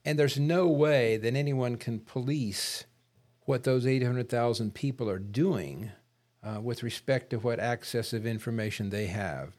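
A man talking casually about politics on a podcast, measured and wordy, and he often clears his throat. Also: medium pitch, darkish tone. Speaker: podcast co-host.

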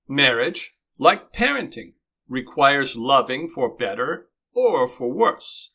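Guy coaching couples on his podcast, bright sharp voice, calm teaching tone, acts out spouse lines. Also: mid-range voice. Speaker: relationship coach and podcast host. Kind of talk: scripted podcast advice monologue.

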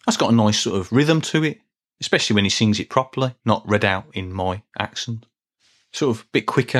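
This middle-aged podcast host talks alone in a fairly low voice, moving a little fast. He's chatty and rambling, pokes fun at himself, and makes small restarts as he goes.

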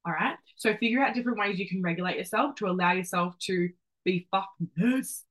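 A woman's voice: mid-range voice, a little fast, fairly bright tone, rough recording. A woman in her twenties hosting a solo motivational podcast, brash and casual, swearing freely and calling the listener babe. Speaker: podcast host.

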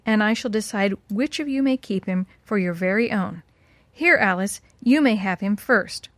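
A woman voicing a sly, kindly little old woman in a storybook, gentle and measured. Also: fairly high pitch, no echo, studio quality, natural voice. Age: older.

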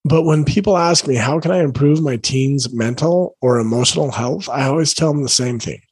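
A parenting coach, a man, talks straight to his viewers in an earnest, encouraging way, circling back to the same phrases. His voice is a little husky and tired from the late hour. The sound is dry and close, with no room around it. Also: medium pitch, moderate pace, darkish tone, no room sound, low-quality recording. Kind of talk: casual direct-to-camera talk.

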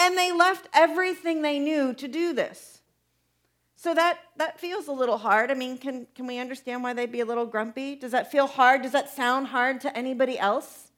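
A woman's voice: sits high, moderate pace, fairly bright tone. A woman preacher giving a conversational sermon, asking her listeners many questions.

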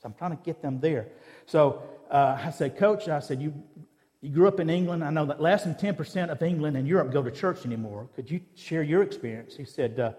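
Man, preacher, mid pitch, storytelling sermon, acts out dialogue, reverberant church hall. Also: fairly quick, a little mellow. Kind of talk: sermon with personal stories.

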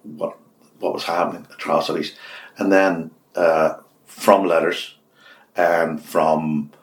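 A man in his sixties from Belfast with a West Belfast accent, a radio host chatting as an interview guest, telling stories in animated bursts with many restarts. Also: low voice, takes it slowly. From Northern Ireland. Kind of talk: casual interview chat. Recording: echoey office room.

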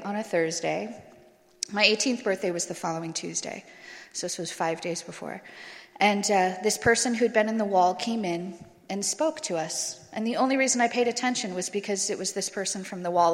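A woman tells her own story to an audience in a plain, candid way, with some casual swearing along the way. Her voice sits at a middle pitch. The sound carries the long reverb of a large hall. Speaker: speaker sharing a recovery story. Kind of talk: personal talk to an audience.

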